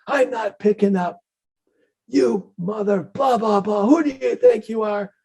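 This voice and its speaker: A man's voice: high-pitched, measured pace, creaky, darkish tone, pitched above the performer's own voice. A man acting out a furious woman living in a tent, who screams and swears at him, with the curses swapped for "effing" and "blah". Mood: furious, yelling.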